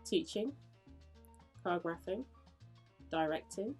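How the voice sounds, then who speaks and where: Low-voiced woman hosting. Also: expressive, slow pace, darkish tone, faint music behind. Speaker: host. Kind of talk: casual interview.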